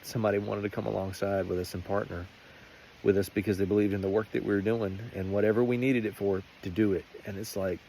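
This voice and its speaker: A man's voice: on the low side, level tone, fast talker, gravelly, warm tone, slight background noise. A man giving a rambling, earnest personal faith testimony in a vlog. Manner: earnest, rambling, many restarts. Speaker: faith vlogger.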